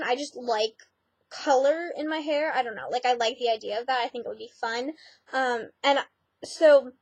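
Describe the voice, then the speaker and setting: A teenage girl talks straight to the camera in a loose, rambling way, filling her sentences with "like" and "um". Her voice sits high, and the sound is close and dry with no room echo. She keeps a sarcastic edge as she goes. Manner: chatty, sarcastic, many "like"s and "um"s. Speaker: vlogger. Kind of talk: casual vlog rant.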